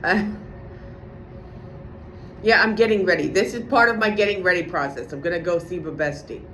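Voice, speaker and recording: A woman's voice: on the low side, moderate pace, a bit bright, slight background noise. A woman vlogger ranting in a casual monologue, profane and sarcastic as she vents about a friend.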